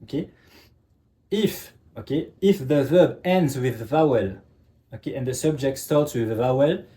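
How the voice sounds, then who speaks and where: A male teacher giving a lesson, who says "ok" after nearly every phrase and spells out slow, emphatic examples. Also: mid-range voice, dark tone. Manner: repeats "ok" constantly, checks understanding, slow emphatic examples. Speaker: French teacher. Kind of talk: classroom lesson explanation.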